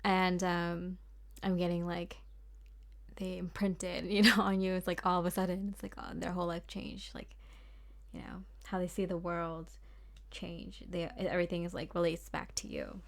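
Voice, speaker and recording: A woman's voice: on the low side, level tone, normal speed, creaky. A young woman giving a casual tarot reading, rambling and chatty, with lots of fillers and small laughs. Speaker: tarot card reader.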